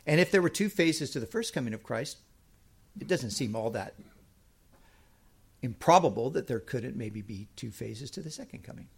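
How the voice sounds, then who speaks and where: A middle-aged man preaching a sermon, reading scripture slowly and emphatically, then explaining it in a chatty way. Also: mid-range voice, expressive, slightly rough.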